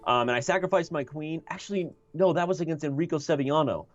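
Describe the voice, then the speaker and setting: A man's voice: a little high, quick pace, dull audio. A man commentating a chess game he is playing on a live stream, joking and thinking aloud.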